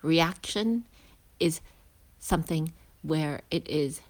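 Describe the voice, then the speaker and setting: Low-voiced woman teaching in a reflective tone. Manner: reflective, pausing, with restarts and hushed asides. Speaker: healing practitioner teaching a daily lesson. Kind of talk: casual spoken teaching while walking. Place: outdoors, walking to school.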